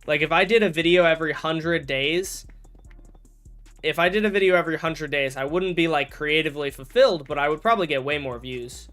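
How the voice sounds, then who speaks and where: A man with a slightly high voice chats casually through a game stream, rambling and restarting his sentences as he goes. He slips into joking mock outrage, with soft music playing faintly underneath. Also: a little fast. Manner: rambling, self-correcting, jokey mock outrage. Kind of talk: casual livestream chat while gaming.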